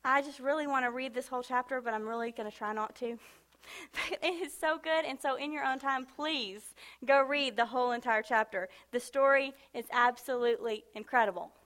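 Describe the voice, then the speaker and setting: Bright high-voiced woman preaching. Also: fairly quick. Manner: impassioned, emphatic repetition, casual asides. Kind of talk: sermon.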